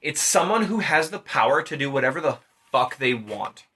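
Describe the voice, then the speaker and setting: A man's voice: mid-range voice, lively intonation, normal speed, sharp tone, slightly rough. A tipsy young man casually retelling a Greek myth in a rambling, profane way. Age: young adult. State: drunk. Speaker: storyteller.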